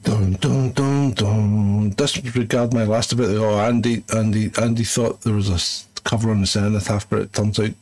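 A man's voice: lowish voice, flat delivery, a little fast, hardly any pauses, darkish tone. A British man hosting a casual live commentary stream, sardonic and grumbling, laughing often. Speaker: stream host.

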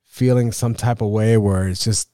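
A man's voice: lowish voice, fairly even intonation, normal speed, warm tone, clear, resonant tone, no echo, studio quality. A man hosting his own photography podcast, talking in a rambling, self-deprecating way with many fillers and restarts. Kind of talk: casual solo podcast monologue.

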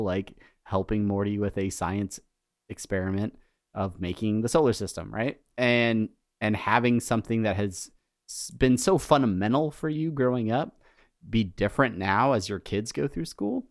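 Low-voiced man on a dry mic. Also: moderate pace, dry recording. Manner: rambling, jokey, self-deprecating. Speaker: podcast co-host. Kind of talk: casual podcast chat.

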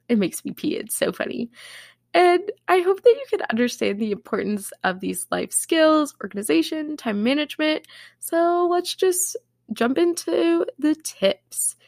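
A woman's voice: medium pitch, creaky, dry recording, clean studio sound. A young woman hosting a casual solo podcast, bubbly and chatty, her voice a little nasal from allergies. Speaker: podcast host.

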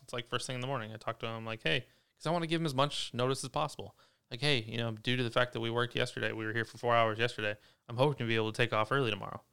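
A man's voice: mid-range voice, a bit bright, clear, resonant tone. A man in casual podcast chat, venting with lots of swearing. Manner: venting, profane, emphatic. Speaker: podcast co-host.

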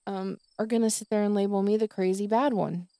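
A worn-out woman vents on her podcast, swearing as she rants in exasperation. Her voice is mellow and warm, and the recording is dry and close, with crickets and insects chirping faintly behind her. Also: medium pitch, steady tone, a little fast, dry recording. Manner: exasperated, swearing, tired ranting. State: exhausted. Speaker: podcast host. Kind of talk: venting monologue.

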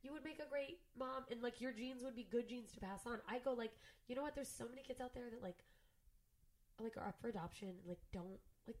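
A woman's voice: fairly high pitch, fairly quick, a little mellow. A young adult woman comedian talking candidly and emotionally on a podcast, swearing often and getting tearful at times. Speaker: guest comedian.

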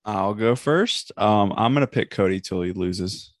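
Wisecracking young male co-host, low-ish voice, dry mic. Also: a little slow, no echo. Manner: wisecracking, brief interjections. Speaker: podcast co-host. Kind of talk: casual chat.

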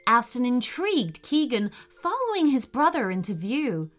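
A woman gently reading a children's bedtime story aloud as the storyteller. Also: on the high side, measured pace, few pauses, faint music behind.

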